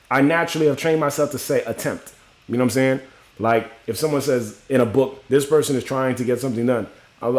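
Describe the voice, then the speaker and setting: A young man from Miami hosting a casual livestream, talking loosely with lots of "you know what I'm saying" and greeting viewers by name as he goes. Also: mid-range voice. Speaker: livestream host.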